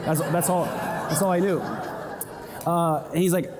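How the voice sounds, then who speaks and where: A young male pastor with a high, light voice preaching with lively energy, slipping into quick acted-out voices. His words ring out with a long hall reverb around them. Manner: animated, acts out little scenes and voices. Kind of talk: sermon.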